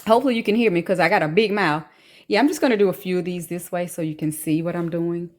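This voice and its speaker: Recorded on a phone camera, a woman with a fairly low voice talks quickly to her viewers while cooking in a home kitchen. This cooking vlogger keeps the chat casual, tossing in slangy asides.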